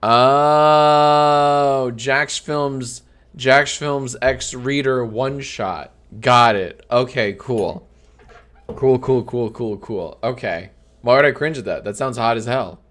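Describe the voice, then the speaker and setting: A man in his thirties hosts a live stream, talking off the cuff and mocking what he reads aloud. He swears freely, slips into sarcasm and breaks into high-pitched laughter. His voice sits at an ordinary middle pitch. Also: slow pace, fairly bright tone. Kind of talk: casual live-stream chat.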